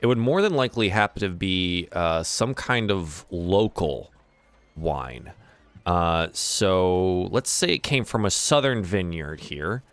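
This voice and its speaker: A man's voice: low-pitched, animated, slow, no room sound. A man narrating a tabletop game as game master, describing scenes and stopping to improvise details.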